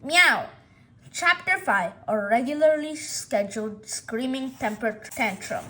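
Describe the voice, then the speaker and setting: Slow, high-voiced woman reading a story. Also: animated. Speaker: children's audiobook reader.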